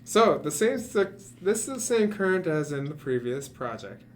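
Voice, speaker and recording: A man's voice: on the high side, sing-song, slight background noise. Joking man reading kit steps aloud. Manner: jokey, reads steps aloud deliberately. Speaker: hobbyist reading kit instructions. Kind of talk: casual chat, reading instructions aloud. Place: hackerspace workshop.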